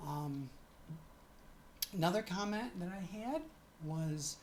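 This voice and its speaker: A woman's voice: on the low side, lively intonation, slow pace, darkish tone, a little hiss or hum. A middle-aged woman chatting to camera in a casual vlog, often stopping to correct herself. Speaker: vlogger.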